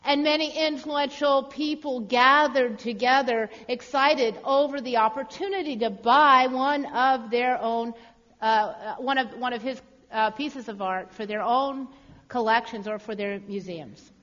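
A woman preaches a sermon, telling a story in a lively, emphatic way with small fillers. Her voice is high, and the hall gives it a long echo and a dull, lo-fi sound. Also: a little slow. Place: church.

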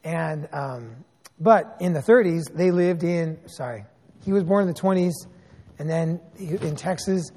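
High-voiced preacher in a reverberant hall. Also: male voice, a little slow. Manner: animated storytelling with sarcastic asides. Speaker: pastor. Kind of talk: sermon.

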